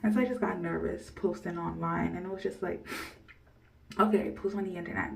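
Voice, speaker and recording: A woman's voice: lowish voice, steady tone, a little fast, gravelly, a little mellow, recorded from a distance, low-quality recording. Blunt young woman rambling a bit off-mic. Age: early 20s. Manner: blunt, rambling, swears freely, laughs often. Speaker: vlogger. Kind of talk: candid personal storytelling to camera.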